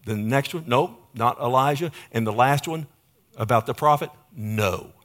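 A man preaching a sermon, switching between loud, emphatic declarations and quiet, hushed passages, and often asking the congregation "Amen?". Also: medium pitch, normal speed.

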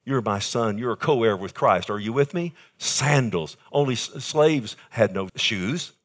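A man's voice: animated, measured pace. Male pastor, dramatic sermon delivery with big swings in volume. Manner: preaching with dramatic swings in volume and pitch, calling for amens.

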